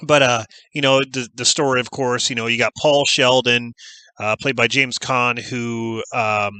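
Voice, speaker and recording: Guy rambling about his horror movie week, bright voice, super dry close mic. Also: mid-range voice, flat delivery, a little slow, clean tone, no room sound, poor audio. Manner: rambling, enthusiastic, lots of fillers and restarts. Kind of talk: casual chat.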